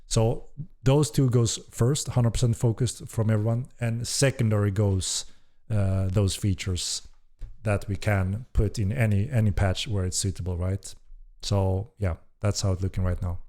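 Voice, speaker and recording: A low-voiced game developer runs a casual Q&A on a live stream, reading chat's questions aloud at a measured pace. He's relaxed, hesitant at times, and swears casually.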